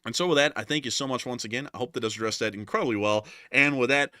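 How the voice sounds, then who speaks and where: A man in his early twenties co-hosts a news channel livestream, reading super chats and earnestly thanking viewers again and again, with lots of fillers. He talks fast at a medium pitch, his voice pushed and bright. The recording is dry and of studio quality.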